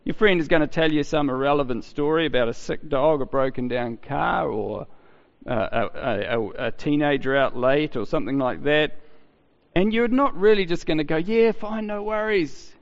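A man preaching a sermon in a chatty, halting way, often restarting his sentences. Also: on the high side, expressive, creaky. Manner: conversational, halting with many restarts. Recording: dull sound with long hall reverb.

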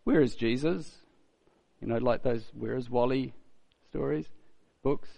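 A man's voice: medium pitch, measured pace, vocal fry, mellow, dull audio. A man preaching a sermon in a conversational, storytelling way, often asking rhetorical questions and repeating key phrases.

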